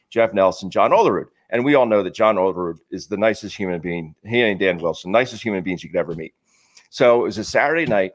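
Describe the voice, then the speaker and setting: A middle-aged man, a podcast guest, chatting casually and reminiscing with frequent laughter. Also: fairly low pitch. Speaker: guest, former ballplayer. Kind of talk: casual sports podcast chat.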